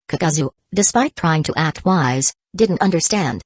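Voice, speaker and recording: A woman narrating an audiobook in an even, steady reading. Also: deep voice, moderate pace, hardly any pauses, dry recording. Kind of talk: scripted narration.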